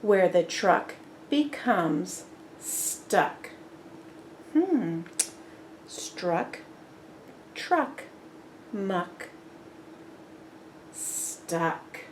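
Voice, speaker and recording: Woman reading to kids, very slow and patient, lively sing-song pitch, quizzes rhymes. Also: a little hiss or hum. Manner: patient, praising, asks questions. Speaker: storybook reader. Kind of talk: children's read-aloud with rhyming quiz.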